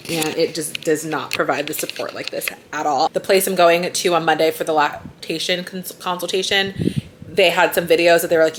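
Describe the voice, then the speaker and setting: A woman's voice: lowish voice, a bit bright. A young woman chatting casually in a vlog, bubbly and talkative, often cooing to her baby. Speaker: vlogger. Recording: noisy background.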